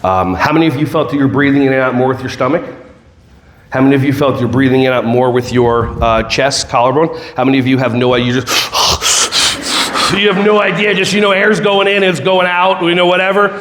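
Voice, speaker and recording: A man giving a lively, joking keynote talk to a conference audience, drawing them in with questions and then guiding them through slow breathing. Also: mid-range voice, slight background noise. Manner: animated, jokey, audience-involving; slow soothing breath-work guidance. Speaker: keynote speaker.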